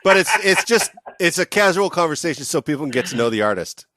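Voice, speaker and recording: A man's voice: a little high, very animated, quick pace, noisy background. A Canadian man hosting a podcast, chatting casually and teasing his guest. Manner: joking, teasing. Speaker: podcast host. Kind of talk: casual chat.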